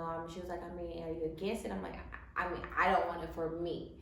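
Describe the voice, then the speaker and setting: A woman's voice: on the low side, fairly even intonation, fast talker, hardly any pauses. A young woman casually telling a personal story to her audience, using lots of fillers and quoted speech, with emotion showing through. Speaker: co-host. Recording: echoey room with faint noise.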